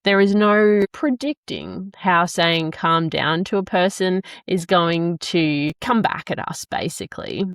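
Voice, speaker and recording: A woman's voice: on the low side, slow, hardly any pauses, no room sound, studio quality. A woman hosting a podcast, reflecting on her own experience as a parent and asking questions. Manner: reflective, shares personal experience. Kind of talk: conversational podcast talk.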